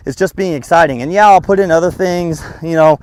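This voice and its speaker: A man demonstrating dog training, talking through his method in a relaxed, casual way. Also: brisk, clear, resonant tone, dry recording. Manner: relaxed explaining, breaking into high excited calls to the dog.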